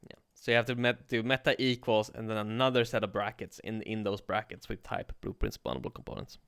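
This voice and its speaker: Man with a creaky, smooth voice. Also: fairly low pitch, brisk, no room sound, studio quality. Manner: relaxed, swears casually, thinks aloud. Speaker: livestreaming programming teacher. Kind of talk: casual live coding tutorial.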